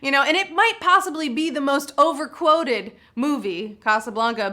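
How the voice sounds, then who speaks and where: Bright, giggly woman hosting a trivia show. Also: sits high, normal speed. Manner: playful and giggly, chatty asides; upbeat and excitable. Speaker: trivia game show host.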